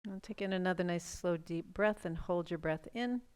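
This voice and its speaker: A middle-aged woman guides a chair yoga class in a calm, gentle way, mixing slow cues for breath and stretches with easy, chatty asides. Her voice sits a little low. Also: clear, resonant tone. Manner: calm, gentle cueing with casual asides and yawns.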